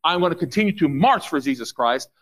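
Midwestern US man preaching, high and animated, with a lively, swinging delivery. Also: fast talker, slight background noise. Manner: fervent, repetitive preaching with sudden asides. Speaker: pastor. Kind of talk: sermon.

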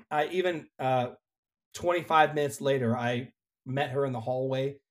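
A young adult man, a worship leader, telling an earnest, animated personal story in a relaxed conversation. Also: mid-range voice, a little slow.

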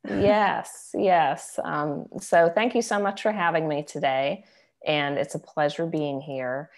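A woman's voice: deep voice, fairly even intonation, slow. A middle-aged woman from Virginia, a health coach, telling her story as an interview guest in a reflective, conversational way. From Virginia, United States.

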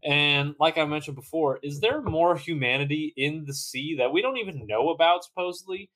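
A man's voice: on the high side, normal speed, a bit bright. Laid-back chatty male podcast host. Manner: laughs often, swears, restarts sentences. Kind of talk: casual chat.

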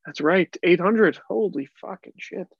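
A man's voice: high voice, unhurried, vocal fry, husky, no echo, highs cut off. A man chatting as a podcast guest, laughing, swearing and exclaiming in disbelief. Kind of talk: casual podcast chat.

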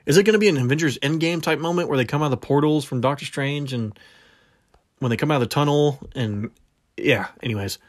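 A man's voice: fairly high pitch, fast, no room sound. A man hosting a solo sports podcast, talking casually, bluntly and with opinions, drifting off on tangents and catching himself. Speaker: podcast host.

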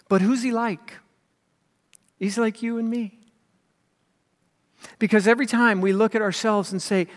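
A man preaching a sermon as pastor, swinging from loud emphasis to hushed whispers. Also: high-pitched, fairly even intonation, a little slow, long pauses. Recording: long hall reverb.

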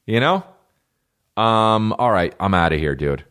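A man's voice: lowish voice, animated, measured pace, a bit bright. A man hosting a podcast, rambling in a casual comedic monologue full of swearing while he riffs on listener questions. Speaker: podcast host.

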